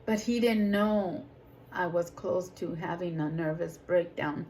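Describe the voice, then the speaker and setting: A woman who leads a ministry, giving a personal testimony in a slow, emotional way that rises to emphatic outbursts. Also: on the low side, fairly even intonation, darkish tone, a little hiss or hum, low-quality recording. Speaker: ministry leader.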